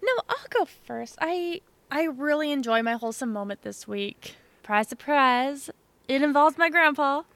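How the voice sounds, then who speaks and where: A woman's voice: high voice, lively intonation, moderate pace, fairly bright tone, no echo. A young woman co-hosting a podcast, telling a story in a chatty, sarcastic way. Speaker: podcast co-host. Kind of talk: casual chat.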